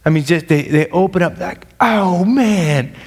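A man's voice: a little high, steady tone, brisk, vocal fry. A man preaching a sermon, walking through verses in a conversational way with joking asides. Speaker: pastor. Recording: long reverb of a large hall.

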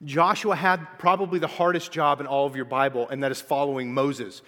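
A man's voice: medium pitch, brisk. A man in his forties preaching a sermon, telling stories animatedly and acting out his own quotes. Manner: animated storytelling with acted-out quotes. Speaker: pastor. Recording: long hall reverb.

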